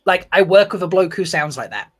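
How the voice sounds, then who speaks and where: A man's voice: high-pitched, fairly quick. A man from Essex, hosting a casual chat and animatedly quoting characters. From Essex, England. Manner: animated, laughing, quotes characters in voices. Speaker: host.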